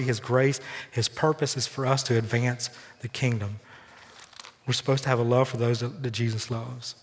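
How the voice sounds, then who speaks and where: A man in a church sanctuary preaching a sermon as pastor, earnest, with lively personal storytelling. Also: mid-range voice. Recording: long reverb from a large hall.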